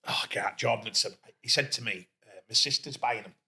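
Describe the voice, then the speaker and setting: A man from Doncaster with a Yorkshire accent, a guest entrepreneur telling lively stories in a casual interview and acting out what people said. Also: on the low side, brisk. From Doncaster, England. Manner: lively storyteller who acts out quoted speech.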